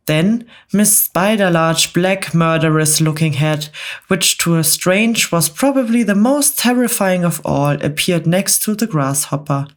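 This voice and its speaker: A woman reading a storybook aloud in a calm, gentle whispered role-play for bedtime. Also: fairly low pitch, measured pace.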